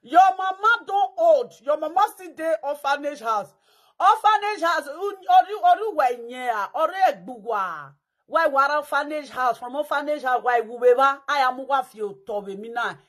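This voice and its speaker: A high-pitched woman with a Nigerian Pidgin accent delivers mocking, theatrical commentary. She slips into sing-song chants and mock wailing as she talks. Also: lively intonation, moderate pace, fairly bright tone.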